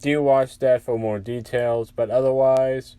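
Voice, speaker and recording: Guy rambling through a fan story, lots of "like"s, mid pitch, dry sound. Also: steady tone, unhurried, mellow, clear, resonant tone, no room sound. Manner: rambling, full of "like" fillers. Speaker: fan-fiction narrator. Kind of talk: casual storytelling.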